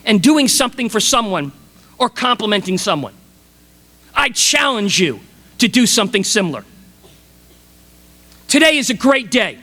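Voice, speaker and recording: High-voiced enthusiastic motivational speaker. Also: male voice, pushed and bright, in a large hall. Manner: enthusiastic, dramatic storytelling. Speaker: commencement speaker. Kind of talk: motivational speech. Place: large graduation ceremony venue.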